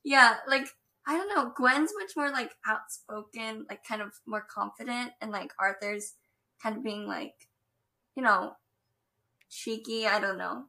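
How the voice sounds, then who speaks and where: A woman in loose podcast chat, with a high, bright voice. She strings thoughts together with lots of fillers and laughs as she goes. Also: measured pace, vocal fry. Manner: filler-heavy, laughing, trails off softly. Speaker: podcast co-host. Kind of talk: casual chat about a TV episode.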